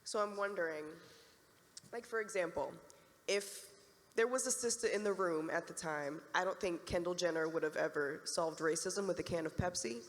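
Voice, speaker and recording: A woman's voice: lowish voice, moderate pace. Joking woman interviewer in a hall. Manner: joking, addresses the audience. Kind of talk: convention panel interview. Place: large convention hall. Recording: reverberant hall.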